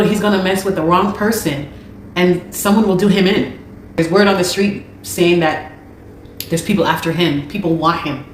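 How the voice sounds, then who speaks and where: A woman, a musician, speaking urgently and repetitively to her viewers, pleading for their help. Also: fairly low pitch. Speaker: musician and video host. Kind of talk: personal appeal to viewers. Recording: echoey room with faint noise.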